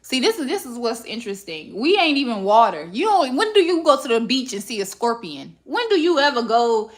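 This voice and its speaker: A young woman, a podcast host talking in blunt, profane, animated casual chat. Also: fairly high pitch, a little fast.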